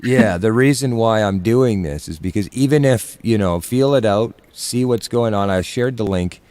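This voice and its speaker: A man with a deep, low voice tells a rambling, filler-heavy story in casual stream chat. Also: normal speed, a little mellow, dry recording. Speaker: musician and regular on a live stream chat.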